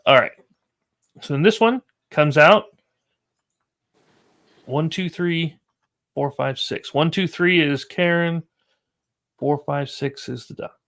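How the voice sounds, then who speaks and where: A man's voice: fairly high pitch, slow, long pauses, a bit bright. A man running a tabletop horror game as game master, narrating dice results casually.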